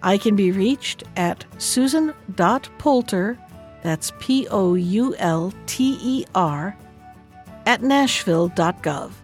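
A woman host reading a fairy tale aloud in a measured, clear way. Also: medium pitch, expressive, soft background music. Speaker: storyteller host.

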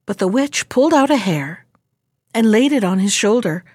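A woman reading a fairy tale aloud, narrating in a measured, expressive way. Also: mid-range voice, dry recording, studio quality. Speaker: storyteller.

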